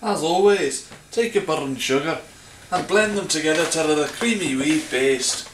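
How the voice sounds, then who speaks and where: A man's voice: a little high, lively intonation, normal speed, very noisy. Man hamming a fake Scottish accent. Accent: put-on Scottish accent over a Bristol accent. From Bristol, England. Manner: playful, self-mocking, hamming up the accent. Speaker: home cook presenting a recipe. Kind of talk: jokey cooking tutorial. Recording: roomy echo.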